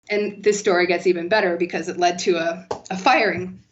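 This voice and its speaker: A woman guest telling animated, profane stories in a casual podcast chat, peppering her talk with "like.". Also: fairly low pitch, brisk, few pauses, lo-fi sound, slight background noise. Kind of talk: casual storytelling.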